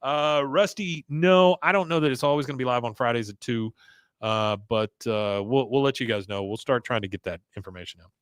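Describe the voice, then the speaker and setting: A man hosting a podcast, recapping an episode with animated storytelling and frequent laughs. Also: medium pitch, a little fast, smooth, no echo, studio quality. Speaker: podcast host.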